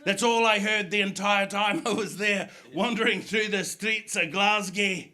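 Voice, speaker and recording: High-voiced New comedian on stage. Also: male voice, fairly even intonation, measured pace. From New Zealand. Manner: storytelling, mimics accents, builds to punchlines. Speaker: stand-up comedian. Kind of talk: stand-up comedy set. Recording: live club with loud crowd. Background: audience laughter.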